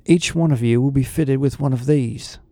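A man's voice: mid-range voice, moderate pace, warm tone, no echo, lightly acted. A man voicing a cool, cheerful half-alien rock star scientist with a British accent, in an audiobook. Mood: breezy. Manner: cheerful, languid, genteel. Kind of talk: audiobook character voice.

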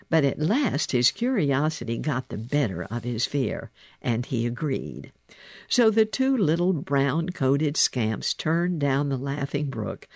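A man reads a storybook aloud at an unhurried pace. His voice carries a gravelly edge and rises and falls with lively expression. The sound is dry and close, with no room around it. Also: medium pitch, dry recording. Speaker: narrator. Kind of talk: storybook reading.

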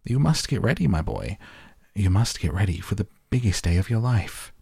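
A man voicing an excitable, spry old grandfather who talks in eager, bossy bursts. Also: on the low side, moderate pace, creaky, breathy edge, no echo, clean studio sound, full character voice. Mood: urgent.

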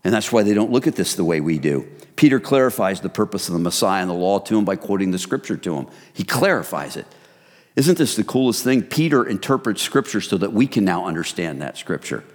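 Speaking in a low voice at a brisk clip, this middle-aged man preaches as a pastor. He keeps things loose and chatty, addressing the congregation as "you guys," and the sound bounces around a reverberant hall.

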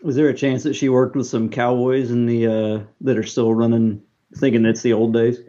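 A man playing a tabletop game, thinking aloud quickly as his character. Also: medium pitch, little pitch movement, dark tone, lo-fi sound. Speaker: player. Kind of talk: casual chat at a game table.

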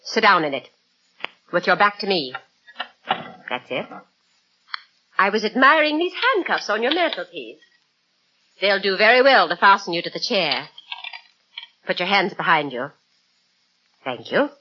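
A woman's voice: medium pitch, sing-song, unhurried, long pauses. An actress playing a gushing society lady who turns out to be an armed villain, in a radio drama. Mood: menacing. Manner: gushing and giggly, then cold and menacing. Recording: dull lo-fi radio recording.

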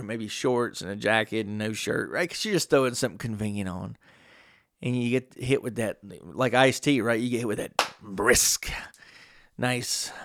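Man, gravelly voice, casual rambling podcast monologue, dry close sound. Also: medium pitch, a bit bright, no echo. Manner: rambling storyteller with asides. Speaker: podcast host.

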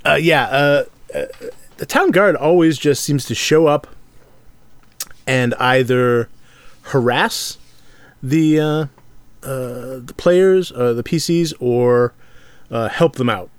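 A man in an unhurried, halting podcast chat, filling his pauses with fillers and restarting his sentences. His voice is recorded close and dry, with no room sound at all. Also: mid-range voice, no room sound. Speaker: podcast co-host. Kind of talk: casual discussion.

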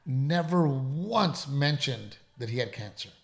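Middle-aged male comedian, gravelly voice, candid and emphatic, swears a lot. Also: medium pitch, lively intonation, slow pace. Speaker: comedian and podcast co-host. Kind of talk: casual storytelling chat.

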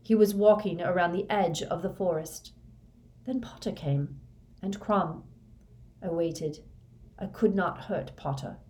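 A woman reading a fanatical young male dark wizard's confession in a flat, hushed monotone. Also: fairly low pitch, unhurried, long pauses, natural voice. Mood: confessing.

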